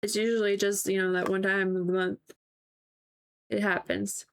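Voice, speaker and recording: A woman streamer talks loosely to her chat from a home setup. She rambles, fills her sentences with "like", and keeps dissolving into giggles. Her voice sits at an ordinary middle pitch and is picked up by a desk mic. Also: flat delivery, normal speed, vocal fry. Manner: rambling and giggly, with many "like" fillers. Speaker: livestreamer painting on stream. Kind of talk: casual chat with viewers.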